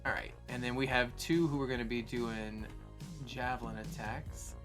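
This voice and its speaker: A man running a tabletop game as game master, chatty and quick to laugh. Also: mid-range voice, fairly even intonation, music in the background.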